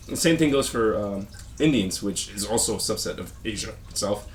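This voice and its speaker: Lowish-voiced man ranting, halting and sarcastic. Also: animated, a little hiss or hum. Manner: halting, rambling rant with frequent restarts; sarcastic and dismissive. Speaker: vlogger. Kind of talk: rambling complaint vlog.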